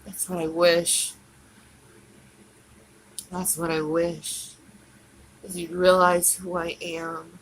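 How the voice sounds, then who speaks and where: Tearful, pleading woman livestreamer, slow. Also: fairly low pitch, flat delivery, a little hiss or hum, rough recording. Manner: pleading and repetitive. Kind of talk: emotional livestream monologue.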